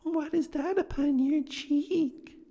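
A gentle storybook ghost speaks in a high, wavering falsetto. It glides through each word slowly, with a mellow tone. A long hall echo hangs behind it. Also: male voice, muffled recording, full character voice. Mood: solemn. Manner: slow, high, drawn-out falsetto. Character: gentle, mild otherworldly ghost of the past.

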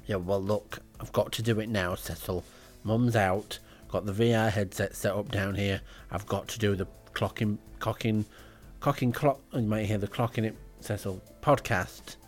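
A man's voice: on the low side, fairly even intonation, normal speed, soft background music. A man with a dry, rambling manner, telling a comic audio diary at home as podcast host. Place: indoors, front room at home.

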